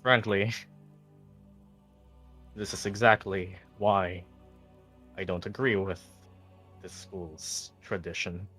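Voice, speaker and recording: A man's voice: low voice, steady tone, slow, pauses often, a bit bright, slightly rough, soft background music, full character voice. A man voicing a blunt, stern female campus healer who talks in a curt, disapproving, matter-of-fact way.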